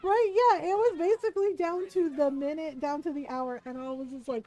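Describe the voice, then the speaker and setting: A woman's voice: high-pitched, normal speed, warm tone, soft background music. A middle-aged woman streamer chatting casually while gaming, laughing often and swearing freely.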